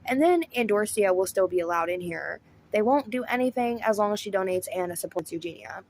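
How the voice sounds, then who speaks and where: A woman's voice: mid-range voice, expressive, brisk, darkish tone, slight background noise. A woman with a Southern US accent giving blunt, chatty commentary, often addressing viewers as y'all. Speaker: commentary host. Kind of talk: casual commentary.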